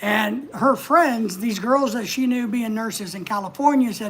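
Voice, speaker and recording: Woman streaming from home, kinda husky, higher voice, chatty and full of advice. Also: unhurried, few pauses. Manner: chatty, advice-giving, reads out viewer comments. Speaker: livestream host. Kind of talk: casual livestream chat.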